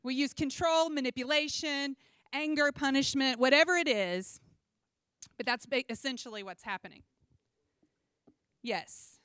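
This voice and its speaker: A young adult woman preaching a sermon in a chatty, animated way, full of personal asides and humor. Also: sits high, a little slow, pauses often, dry recording, studio quality. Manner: conversational and animated, with asides and self-deprecating humor.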